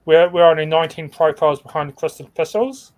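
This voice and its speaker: Fast and a little mellow, this man's high-sided voice runs through team standings as co-host of a laid-back livestream on a video call, tripping over names as he goes.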